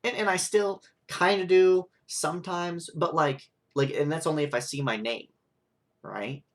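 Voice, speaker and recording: A man's voice: on the high side, a little slow. A young man rants in a vlog monologue, rambling and frustrated, full of "like" and "right?" tag questions. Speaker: vlogger. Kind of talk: ranting monologue.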